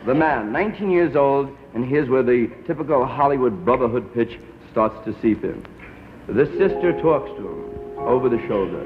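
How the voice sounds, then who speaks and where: A man's voice: mid-range voice, lively intonation, moderate pace. A man doing a stand-up routine in laid-back hip slang, from a dull lo-fi 1950s television broadcast. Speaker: stand-up comedian.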